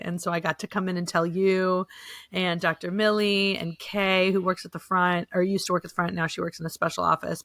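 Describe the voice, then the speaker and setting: A woman's voice: on the low side, fairly bright tone, no room sound. Earnest talkative woman. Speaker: guest sharing her story. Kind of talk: casual chat.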